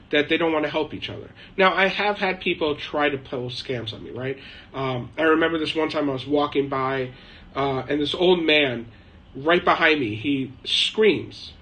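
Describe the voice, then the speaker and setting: Male live-stream host, slightly high pitch, loose chatty delivery, answers questions from his shed. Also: a bit bright, low-quality recording. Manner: rambling, chatty, laughs often, mimics people. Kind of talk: casual live chat.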